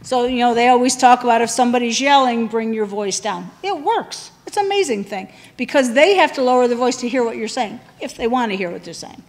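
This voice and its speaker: A woman's voice: a little high, animated, fast talker, few pauses. Lady running a training class, asks the group stuff, echoey hall sound. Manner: conversational, asks the room questions. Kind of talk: training session lecture.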